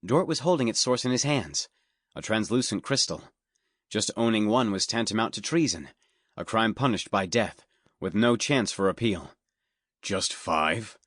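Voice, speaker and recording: Guy narrating a fantasy audiobook, lowish voice, steady storytelling, dead dry studio sound. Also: normal speed, no room sound. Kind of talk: scripted narration. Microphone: studio microphone.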